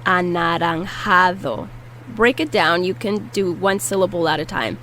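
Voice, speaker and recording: A woman's voice: medium pitch, normal speed, a bit bright, slight background noise, poor audio. A woman teaching a language lesson, patiently repeating each word and explaining how to pronounce it. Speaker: Spanish teacher. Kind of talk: vocabulary lesson with repetition drills.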